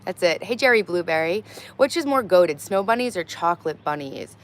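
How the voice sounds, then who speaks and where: A woman's voice: lowish voice, expressive, moderate pace. A woman in her thirties hosting a casual livestream, chatting bluntly with viewers, reading their comments aloud and swearing freely. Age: 30s. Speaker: livestream host. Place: outdoors in her garden.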